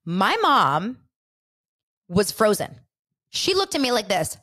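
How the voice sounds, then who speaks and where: Woman host gabbing casually, super expressive pitch, lots of likes. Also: takes it slowly. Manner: animated, rambling storytelling full of fillers. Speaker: podcast host. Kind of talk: casual chat.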